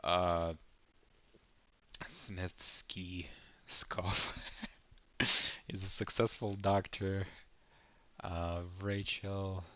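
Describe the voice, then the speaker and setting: A man's voice: deep voice, little pitch movement, very slow, fairly bright tone, smooth, muffled recording. A man reading an AI game prompt aloud, stumbling and laughing as he comments. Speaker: video creator.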